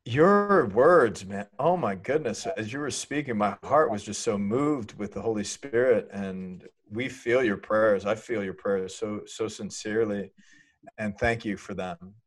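A man's voice: on the low side, measured pace. A man, a priest co-hosting a podcast, talking in an effusive, emotional way. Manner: effusive and emotional, excited exclamations. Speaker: priest co-host. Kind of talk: casual podcast chat.

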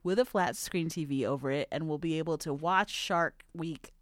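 A woman's voice: deep voice, moderate pace, no room sound, clean studio sound. A woman hosting a podcast in casual chat, gushing and playful with lots of slang. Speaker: podcast host.

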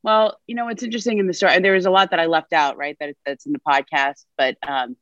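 A woman's voice: fairly low pitch, fairly even intonation, quick pace, a bit bright, no room sound, highs cut off. A woman in her thirties, a reporter guest on a podcast, animatedly recounting a story. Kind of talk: casual conversation.

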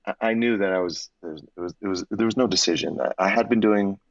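A male actor tells stories from his career in a chatty interview. He is animated and expressive, doubling back on phrases as he goes, and laughs easily. The recording is dry and a little muffled. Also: deep voice, fast, no room sound. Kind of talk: conversational interview storytelling. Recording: slightly dull, dry audio.

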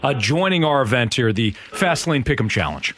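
A man co-hosting a radio show, needling the other host in quick back-and-forth banter. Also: medium pitch, very animated, fairly bright tone, slight background noise. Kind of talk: on-air banter.

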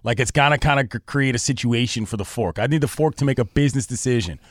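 A man's voice: mid-range voice, fast talker, no echo, clean studio sound. A man co-hosting a sports radio show, chatting casually with wry, joking asides. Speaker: radio co-host.

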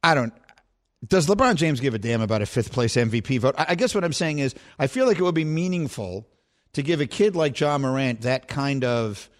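A man hosting a sports talk show, arguing his points with emphatic, animated talk and frequent restarts. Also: on the high side. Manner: animated, emphatic, self-correcting.

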